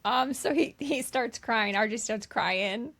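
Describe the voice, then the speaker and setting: A woman co-hosting a podcast, casually recapping a film scene by scene with lots of ums and quick impressions of the characters. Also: fairly high pitch, fairly bright tone. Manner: retells scenes with quick voiced impressions, many fillers. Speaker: podcast co-host. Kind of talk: casual movie recap chat.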